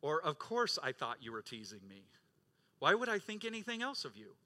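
A middle-aged male pastor preaching a sermon, rising to loud emphatic peaks and dropping to quiet low stretches, acting out quoted voices. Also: wildly swooping pitch, normal speed. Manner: acts out quoted voices of congregants and Jesus.

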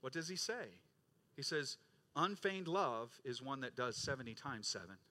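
A middle-aged male pastor preaching a sermon, rising to loud emphatic peaks and dropping to quiet low stretches, acting out quoted voices. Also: normal speed. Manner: acts out quoted voices of congregants and Jesus.

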